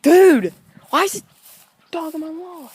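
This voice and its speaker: A woman's voice: very high voice, unhurried, darkish tone. A woman vlogging in her yard, talking bluntly and profanely to dogs in a playful, scolding way. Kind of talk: casual vlog, talking to dogs. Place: outdoor yard at home.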